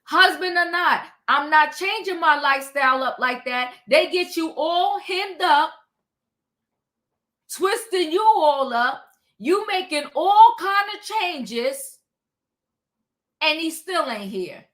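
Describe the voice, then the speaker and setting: A woman giving casual commentary on a reality show, acting out quotes with lively, rising voices. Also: slow. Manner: animated, acts out quotes with rising pitch. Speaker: reality show recap host.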